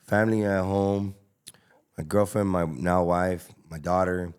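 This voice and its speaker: With a low, clear, resonant voice that stays steady and a little mellow, this Los Angeles man takes his time. He's a taco business owner guesting on a podcast, telling his story casually in an emphatic, slangy way full of fillers and repetition.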